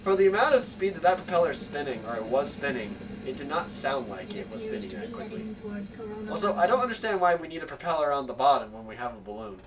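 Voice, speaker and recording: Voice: medium pitch, animated, fast, distant mic, noisy background. A person chatting casually while playing a video game, wondering aloud and often saying "like". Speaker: game commentator. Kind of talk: casual let's-play chat. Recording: voice set back from the mic over game music. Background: game music.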